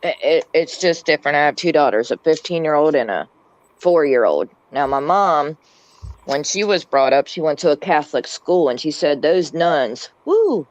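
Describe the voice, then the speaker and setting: A woman's voice: sits low, very animated, normal speed, lo-fi sound. A woman in casual chat on a panel, speaking hesitantly and stumbling over how she starts her sentences. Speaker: panel guest.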